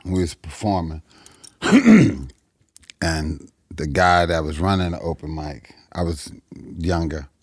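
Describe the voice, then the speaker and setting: A middle-aged man, a guest comedian, telling a casual story in a gravelly voice and acting out the people in it. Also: low-pitched, takes it slowly, long pauses, no echo, clean studio sound. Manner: animated storyteller, acts out shouted quotes.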